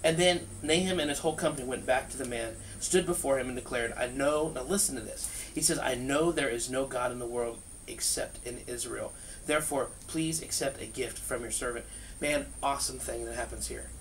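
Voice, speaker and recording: A man, a pastor, teaching from the Bible in a relaxed, conversational way, full of fillers and restarts, filmed outdoors by a street. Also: medium pitch, brisk. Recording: distant mic, faint outdoor noise.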